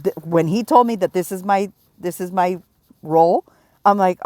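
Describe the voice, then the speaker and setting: A middle-aged woman giving a prophetic warning, stern and emphatic, pressing her points with slow repetition. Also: medium pitch, a little mellow, no echo. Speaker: self-described prophet.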